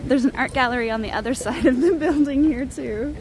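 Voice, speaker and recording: Excitable woman live-streaming outdoors. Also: high voice, fairly quick, slight background noise. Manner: excitable, gushing, laughs often. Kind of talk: casual live-stream chat while walking. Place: outdoors beside a gallery building.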